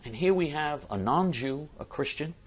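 A man's voice: on the high side, animated, normal speed. Emphatic man ranting in commentary. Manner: emphatic and repetitive, often clears throat. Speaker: political commentator.

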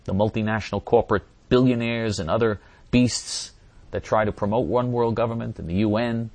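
Male religious teacher, low register, fervent delivery, dramatic quoting. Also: steady tone, a little fast, darkish tone, no room sound. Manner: intense, repeats phrases, quotes voices dramatically. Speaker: religious teacher answering viewers.

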